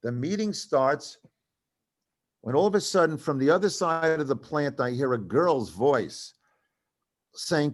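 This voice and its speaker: A man's voice: fairly high pitch, a little slow, pauses often. An older man, a comedy writer, telling stories at a live talk and acting out the voices of the people in them. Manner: animated, acts out other people's voices in quotes. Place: cultural center venue, live event.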